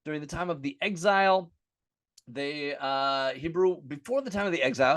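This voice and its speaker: A man gives an informal, unscripted lesson, pointing things out on a chart. His voice sits a little high, and he fills pauses with uhs and corrects himself as he goes. The sound is close and dry. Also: no room sound. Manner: casual, many fillers and self-corrections, explaining step by step. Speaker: teacher.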